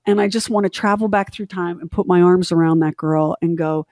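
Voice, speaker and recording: A middle-aged woman co-hosting a podcast, telling a story in candid, animated casual chat and acting out the quotes. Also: fairly low pitch, brisk, few pauses, no room sound, studio quality. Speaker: podcast co-host.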